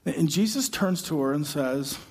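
A man preaching a sermon, dramatic and animated, acting out the voices of the people in the story. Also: a little high, normal speed, gravelly, breathy edge. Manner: dramatic, acts out voices, builds to shouting. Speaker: pastor. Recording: long hall reverb.

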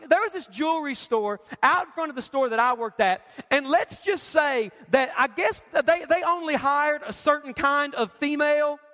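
A man's voice: very high-pitched, sharp tone. A man preaching a sermon as pastor, emphatic and conversational, firing off rhetorical questions to his congregation. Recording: long reverb of a large hall.

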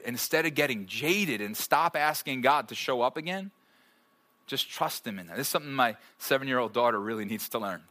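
Bright-voiced pastor preaching casually. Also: male voice, mid-range voice, quick pace. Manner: conversational, with rhetorical "right?" checks and humorous asides. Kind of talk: sermon. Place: church service before a live audience.

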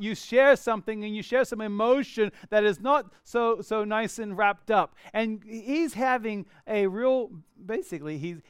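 Reading scripture during his sermon, a male pastor's high, ringing voice surges into emphatic, lively bursts while staying smooth and clear throughout. His preaching is expressive, and the audio is close and dry with no echo.

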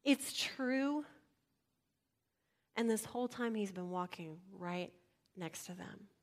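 A woman with a fairly low voice preaches at a normal speed, keeping her sermon conversational. Direct questions to the congregation mix with swings from loud stresses to quiet, near-whispered lines.

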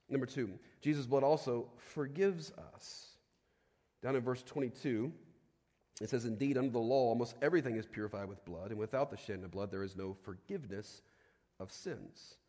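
A man preaching a sermon in a conversational way, often asking "right?", and dropping to a quiet, slow voice for solemn points. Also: mid-range voice. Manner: conversational preaching with frequent tag questions. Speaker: pastor. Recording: long hall reverb.

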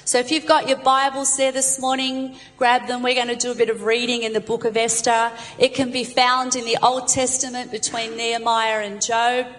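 A woman delivering a sermon, telling stories with lively voices for the characters. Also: on the high side, moderate pace, hardly any pauses, in a large hall, rough recording. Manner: animated storyteller, voices the jokes' characters. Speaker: preacher.

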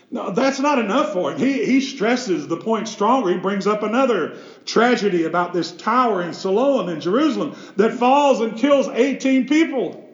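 Man, pastor, emphatic sermon, very high voice, roomy muffled church recording. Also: animated, moderate pace. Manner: emphatic preaching with rhetorical questions.

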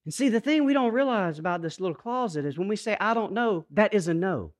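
Man, pastor, high voice, sermon, hushed then emphatic, rhythmic repetition. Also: expressive, fast. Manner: dynamic preaching, swings from hushed to emphatic.

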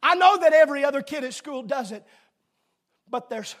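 High-voiced preacher shouting from the pulpit. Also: male voice, lively intonation, moderate pace, long pauses. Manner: shouting emphatic preaching with sudden quiet asides. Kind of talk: sermon. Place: church sanctuary with congregation.

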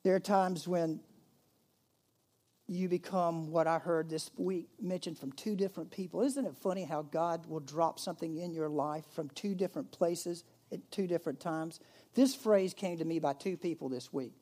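A man preaching a sermon as pastor, conversational, swinging between emphatic rises and hushed, quiet moments. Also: on the high side, moderate pace.

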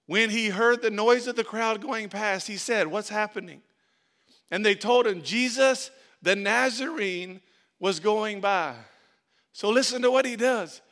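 A man's voice: sits high, normal speed, a bit bright. A man preaching a sermon as pastor, repeating phrases and building emphasis.

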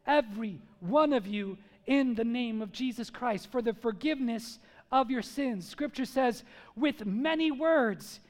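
High-voiced man preaching in a reverberant hall. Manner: emphatic, swings from loud confrontation to hushed storytelling. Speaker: pastor. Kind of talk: sermon.

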